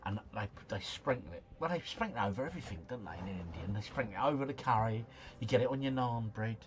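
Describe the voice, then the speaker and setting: A man's voice: fairly low pitch, animated, fast talker, slight background noise. A man hosting a livestream, casually thinking aloud through quiz answers in a slangy, rambling way. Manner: chatty, musing aloud, slangy. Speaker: livestream host.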